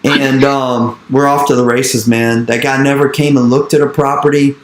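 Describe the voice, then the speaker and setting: Animated male investor in an echoey room. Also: mid-range voice, moderate pace, very noisy. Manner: animated, repeats phrases, acts out quoted dialogue. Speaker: real estate investor speaking to an investor group. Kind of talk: energetic storytelling talk.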